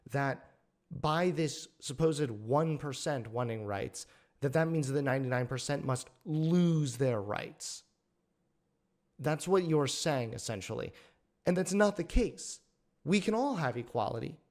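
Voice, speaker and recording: A man's voice: fairly high pitch, darkish tone. A young man hosting a reaction commentary video, talking in a sarcastic, blunt and exasperated way.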